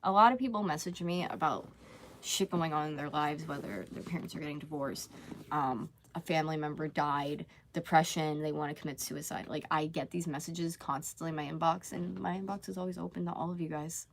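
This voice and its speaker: A woman's voice: low-pitched, fairly quick, a little hiss or hum. A young woman talking candidly to viewers on a live stream, rambling with many fillers and restarts.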